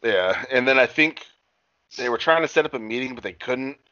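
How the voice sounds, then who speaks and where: A man's voice: medium pitch, expressive, moderate pace, bright, forceful tone, no room sound. A young man casually recapping a TV episode, rambling, swearing a lot and acting out the characters' lines. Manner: rambling, swears a lot, acts out scenes in quotes. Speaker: podcast co-host recapping a TV episode. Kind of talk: casual chat. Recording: muffled dry recording.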